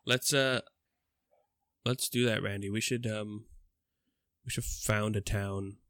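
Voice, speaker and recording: A man's voice: lowish voice, steady tone, slow, a bit bright, no echo. Jokey man reading out fun facts. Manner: jokey, laughs often, reads facts aloud with fillers. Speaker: podcast co-host. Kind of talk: casual chat.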